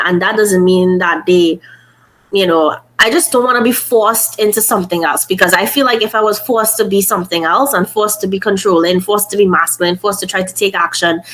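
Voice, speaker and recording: A woman's voice: lowish voice, fairly bright tone, poor audio. A young woman hosting a podcast, talking casually and earnestly, thinking aloud with frequent restarts. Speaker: podcast host. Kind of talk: casual reflective podcast talk.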